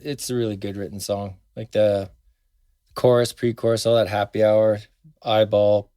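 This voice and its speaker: A man's voice: lowish voice, flat delivery, moderate pace, warm tone, clear, resonant tone, dry recording, clean studio sound. A man co-hosting a podcast, rambling and hesitant with lots of fillers. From Canada. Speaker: podcast co-host. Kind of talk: casual chat.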